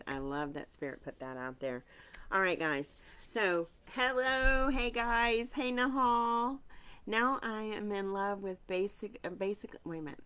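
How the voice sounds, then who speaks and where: A woman's voice: on the low side, a bit bright. A woman doing a chatty live-streamed tarot reading, greeting viewers by name, with a tickled throat that keeps making her cough. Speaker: tarot reader.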